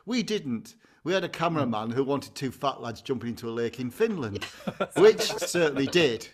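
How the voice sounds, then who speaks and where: A man's voice: medium pitch, very animated, moderate pace, a little hiss or hum. A man co-hosting an advice podcast, telling rambling, bawdy stories in casual comic chat. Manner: rambling, bawdy storytelling with bursts of laughter. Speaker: podcast co-host, agony uncle.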